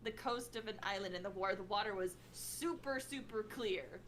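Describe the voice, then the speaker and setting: A woman in casual chat, expressive and giggly, often groaning in disgust. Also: medium pitch, moderate pace, a little hiss or hum. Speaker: stream co-host.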